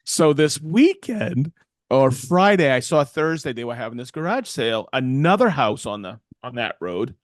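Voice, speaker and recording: A man's voice: medium pitch, normal speed, no room sound, clean studio sound. Rambling man telling shop stories. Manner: rambling, animated, quotes people in voices. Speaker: podcast co-host and woodworker. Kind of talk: casual storytelling chat.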